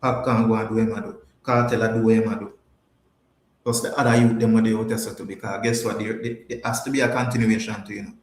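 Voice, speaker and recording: A man's voice: fairly low pitch, level tone, fast, roomy sound. Jamaican man riffing on a podcast. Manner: emphatic, repeats phrases. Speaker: podcast host. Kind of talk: casual livestream chat, answering viewers.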